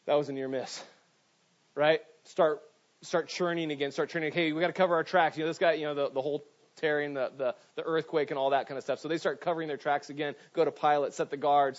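Man preaching with lots of "right?". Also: a little high. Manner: conversational preaching, many restarts and "right?" asides. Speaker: pastor. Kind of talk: sermon. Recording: dull lo-fi sound.

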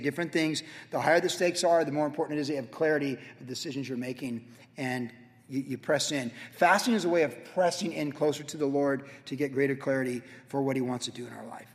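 A man preaching a sermon as pastor, telling stories with animated, acted-out moments. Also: medium pitch. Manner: animated storytelling, acts out his own past self. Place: church sanctuary. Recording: church hall with long reverb.

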